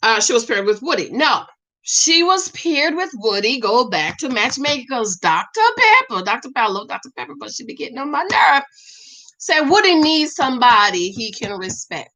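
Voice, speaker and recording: A woman's voice: fairly high pitch, fairly quick. A middle-aged woman chats casually about a reality show and greets her regular viewers by name. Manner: animated, talks back to viewers by name. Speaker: commentary vlogger reading viewer comments. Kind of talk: casual chat.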